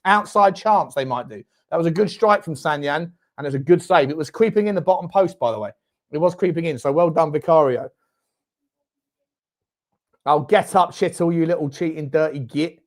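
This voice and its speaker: Chatty football fan host. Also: male voice, on the high side, normal speed. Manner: chatty, reads out viewer comments, bursts into shouting at the referee and chances. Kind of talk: live football watchalong commentary.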